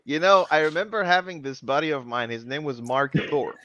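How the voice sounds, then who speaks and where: A man hosting a casual chat over a video call, lively and laughing often. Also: on the high side, brisk, highs cut off. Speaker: host.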